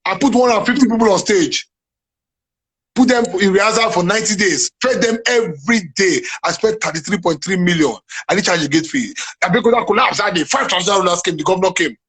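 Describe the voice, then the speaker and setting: A man's voice: sits high, fairly quick, fairly bright tone, husky, poor audio. A man with a Nigerian accent talking as an interview guest, emphatic and preachy, often checking that he is understood. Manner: emphatic, preachy, repeats "are you getting me now". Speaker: guest, playwright and businessman. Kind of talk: animated interview chat.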